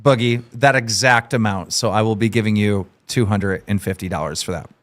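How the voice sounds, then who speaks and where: A man hosting a livestream, talking casually and brashly, swearing and yelling at his guests. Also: fairly low pitch, brisk. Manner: brash, profane, excitable. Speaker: stream host. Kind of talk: casual streamer chat.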